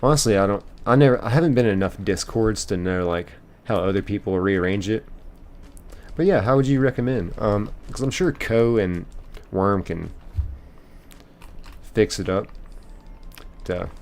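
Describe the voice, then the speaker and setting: A man's voice: on the low side, darkish tone. A man streaming a game live, reading chat aloud and rambling casually with lots of fillers and restarts.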